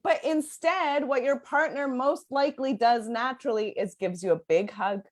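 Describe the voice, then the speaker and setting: A woman's voice: high voice, normal speed. A young adult woman coach speaking earnestly in a podcast conversation, talking in long flowing sentences and laughing often. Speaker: parenting sleep coach guest.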